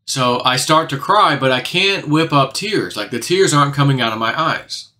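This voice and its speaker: Man, bright forward voice, casual rambling monologue, many filler words, sinks to a hush for emphasis. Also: medium pitch, expressive, normal speed. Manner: rambling, heavy on "you know" fillers, drops quieter for emphasis. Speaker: channel host recounting a dream.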